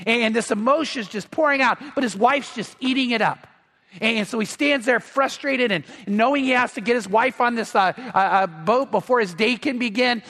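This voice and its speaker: A man's voice: extremely high pitch, moderate pace, sharp tone. A man preaching a sermon, telling a story in a conversational way with repeated words and fillers. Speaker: pastor. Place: church. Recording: long church hall reverb.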